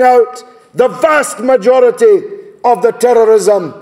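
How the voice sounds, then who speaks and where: Male orator, high-pitched, slow and deliberate, booming through a reverberant hall. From Scotland. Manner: impassioned, shouting rhetorical questions. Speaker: political speaker. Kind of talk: rousing conference speech. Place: large conference hall.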